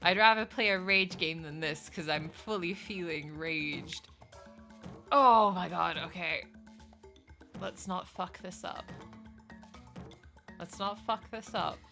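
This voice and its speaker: A woman's voice: fairly low pitch, slow pace, gravelly, pauses often, pushed and bright, soft background music. A young woman streaming a game live, rambling in casual, self-mocking chat with her viewers as she plays.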